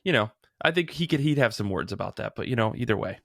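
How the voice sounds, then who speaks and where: A man's voice: on the low side, lively intonation, fast talker, gravelly, fairly bright tone, dry recording, clean studio sound. A man hosting a casual podcast, friendly and agreeable, laughing often. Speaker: podcast host.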